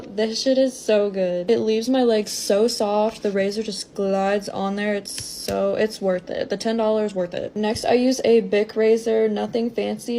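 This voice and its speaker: A woman's voice: mid-range voice, gravelly, warm tone, slight background noise. A woman talking through her routine in a casual beauty vlog, enthusiastic and conversational.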